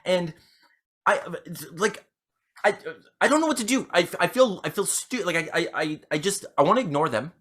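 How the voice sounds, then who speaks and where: A man's voice: high-pitched, animated, normal speed, a bit bright, breathy edge. A man co-hosting a comedy podcast, chatting casually in a rambling, giggly way. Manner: rambling, many restarts, giggly. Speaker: podcast co-host.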